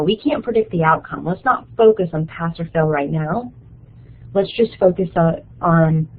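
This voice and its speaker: A woman counselor leads a workshop in a conversational way, often stopping to check in with the room. Her voice sits a little low, and it comes through a thin, phone-like recording. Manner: conversational, checks in with frequent 'okay?'. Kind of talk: workshop presentation. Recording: tinny phone-like sound.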